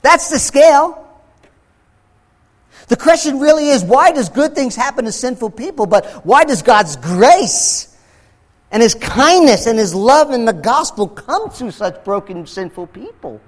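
A man preaching a sermon as pastor, slowing down for heavy emphasis and acting out quoted voices. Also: very high voice, expressive, in a large hall. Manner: preaching with dramatic slow emphasis and acted quotes.

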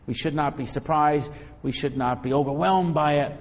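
Conversational preacher in a reverberant hall. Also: male voice, a little high, moderate pace. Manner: conversational, repeats words while finding phrasing. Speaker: pastor. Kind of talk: sermon.

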